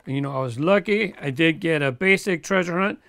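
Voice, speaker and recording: A man with a fairly high, gravelly voice talks casually through an unboxing, easygoing and chatty. His voice sounds close and dry, with no room around it. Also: a little fast, fairly bright tone, no echo. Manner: chatty, easygoing, chuckles between remarks. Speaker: toy car collector host.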